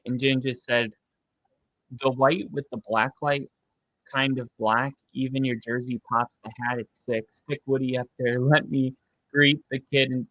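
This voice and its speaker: A man's voice: medium pitch, steady tone, measured pace, dry recording, rough recording. A man hosting a live football reaction stream, chatting casually and reacting to plays. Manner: casual, reacts loudly to plays and baby-talks his dog. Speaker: livestream host.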